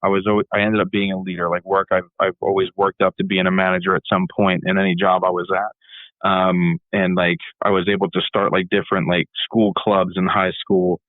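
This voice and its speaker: Deep-voiced man, casual interview storyteller, repeats himself a lot, thin lo-fi recording. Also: little pitch movement, fairly quick, no echo. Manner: rambling, repeats words, many fillers. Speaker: band leader and musician.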